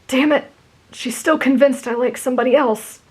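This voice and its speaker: A woman's voice: high-pitched, fairly even intonation, moderate pace, a little mellow, slightly rough, pitched above the performer's own voice. A woman voicing a shy, nervous teenage boy who stammers and apologizes, in a whispered role-play. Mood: flustered.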